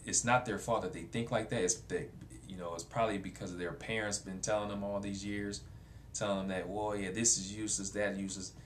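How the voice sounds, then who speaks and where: Blunt, low-voiced man vlogging. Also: fairly even intonation, fairly quick, slight background noise. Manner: blunt, repetitive, conversational. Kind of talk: casual talk to camera.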